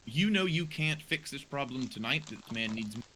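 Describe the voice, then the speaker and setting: A man narrating as game master of a tabletop game, talking in a relaxed, rambling way. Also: medium pitch, normal speed, slight background noise, poor audio.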